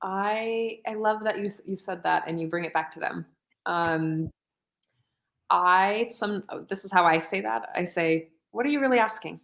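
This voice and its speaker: A woman's voice: on the low side, unhurried, gravelly, fairly bright tone. A woman co-hosting a talk show, chatting animatedly with frequent laughter and acted-out quotes. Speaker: podcast co-host. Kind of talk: casual chat.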